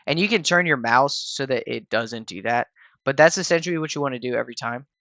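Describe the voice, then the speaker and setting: A man talks viewers through a game fight in an easygoing, rambling voice-over full of "um"s, "like"s and restarts. His voice sits at an ordinary middle pitch and sounds a bit tired. The recording is dry and close, with no room sound. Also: quick pace, dry recording. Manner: relaxed and rambling, with frequent fillers and restarts. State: tired, yawning. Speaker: gaming channel host explaining a raid. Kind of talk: casual gameplay walkthrough voice-over.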